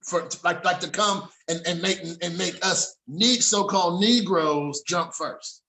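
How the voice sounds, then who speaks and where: Male host with a high voice, on a video call, ranting in a heated, profane way. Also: unhurried, bright, forceful tone, low-quality recording. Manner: profane, heated, repeats himself, restarts. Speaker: show host. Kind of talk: ranting casual talk show chat.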